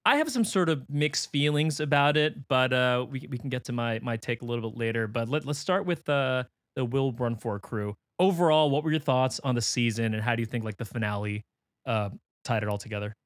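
Male podcast host, mid-pitch, dry close mic, wry and hesitant. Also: no room sound. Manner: halting, hedging with fillers, wry. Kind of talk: casual chat.

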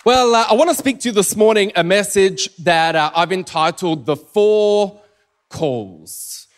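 A man with an Australian accent, preaching a sermon as a pastor in an energetic, joking, conversational way. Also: high voice, moderate pace, a faint crowd. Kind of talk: sermon with personal storytelling. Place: church auditorium. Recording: church hall reverb with soft music.

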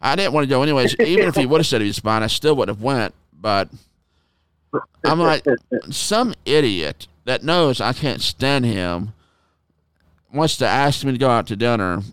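A man hosting a podcast in casual chat, telling stories in an animated way and swearing freely. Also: mid-range voice, normal speed, smooth, dry recording, clean studio sound. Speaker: podcast host.

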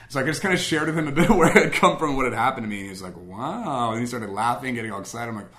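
A young man telling a personal story in a casual way, animated, acting out both sides of old conversations with many fillers. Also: medium pitch, racing, few pauses.

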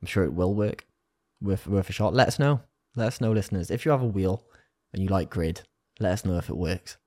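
A man co-hosting a gaming podcast, chatting in a relaxed, rambling way. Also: deep voice, a little fast, no room sound, studio quality. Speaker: podcast co-host. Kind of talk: casual gaming podcast chat.

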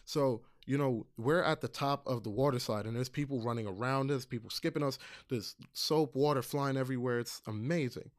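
A man's voice: medium pitch, a little fast, hardly any pauses, dry recording, clean studio sound. A man casually telling a heartfelt personal story, earnest, with frequent fillers and restarts. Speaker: storyteller recalling camp counseling.

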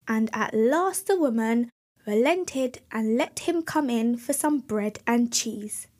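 A woman narrating a fairy tale in a slow, clear, expressive storybook style. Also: a little high.

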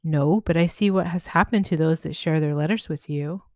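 A fearful, thoughtful young woman spirit speaks with hesitation, read by a woman narrator. The voice is low and close, with a dry, dead sound. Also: moderate pace, mellow, dry recording, lightly acted. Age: young adult.

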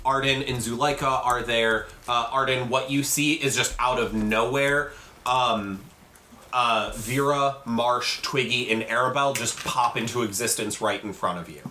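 A game master running a tabletop game in a casual, halting way with many ums. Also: medium pitch, bright, forceful tone, a little hiss or hum.

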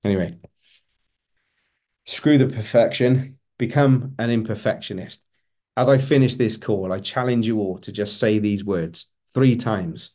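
Emphatic middle-aged coach, mellow voice. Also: male voice, mid-range voice, normal speed. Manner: earnest, emphatic, repeats words for stress. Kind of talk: motivational talk.

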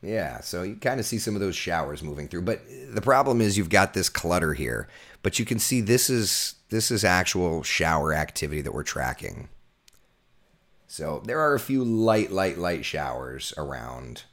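A man with a hoarse, recovering voice, hosting a casual live weather chat and reading out viewer comments. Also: sits low, sing-song, moderate pace, a bit bright. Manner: chatty, jokey, reads out viewer comments.

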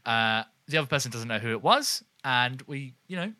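A man's voice: mid-range voice, animated, moderate pace, bright, forceful tone, no room sound. A man co-hosting a comedy podcast with playful, mock-announcer delivery. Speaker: podcast co-host. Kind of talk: casual comedy banter.

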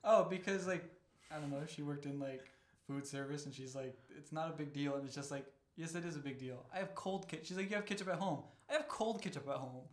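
A man's voice: on the high side, quick pace. Young man, echoey room, storytelling. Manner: storytelling, swears, self-interrupting. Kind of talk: casual podcast chat. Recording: roomy echo.

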